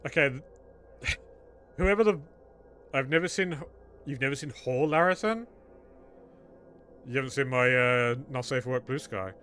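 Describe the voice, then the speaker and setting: A man's voice: medium pitch, animated, normal speed, long pauses, sharp tone, a little hiss or hum. A man streaming a game live, chatting casually with his viewers in a joking, irreverent way.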